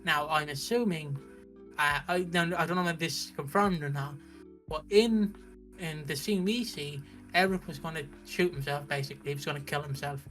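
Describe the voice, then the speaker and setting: A British man recapping a soap opera on a stream in a casual, animated way, with frequent restarts. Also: on the high side, moderate pace, soft background music. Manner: animated storytelling, acts out characters' lines, frequent restarts.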